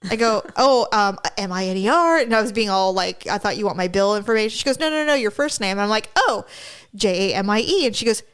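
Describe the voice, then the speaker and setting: A woman co-hosting a podcast in casual chat, telling animated stories and acting out both sides of phone calls. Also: medium pitch, fast talker, clean tone. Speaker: podcast co-host.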